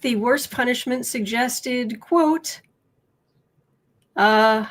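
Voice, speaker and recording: A woman hosts a casual livestream, chatting with her viewers and reading their comments aloud. Her voice sits a little high, and she speaks slowly. She often stops and restarts her sentences as she thinks. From United States. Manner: halting, repeats and restarts, reads viewer chat aloud. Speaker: tarot livestream host.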